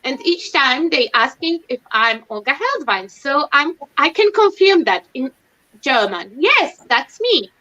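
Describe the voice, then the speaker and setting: High, bright woman chatting on a stream. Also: sing-song, unhurried. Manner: chatty, self-mocking, laughs often. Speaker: livestream host. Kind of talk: casual chat. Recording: dull lo-fi stream audio.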